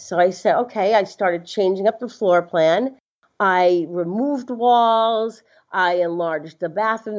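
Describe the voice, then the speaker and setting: Chatty woman telling a story, muffled sound. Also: lowish voice. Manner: animated, laughs often, acts out quotes. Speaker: interview guest. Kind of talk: casual storytelling. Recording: slightly dull lo-fi sound.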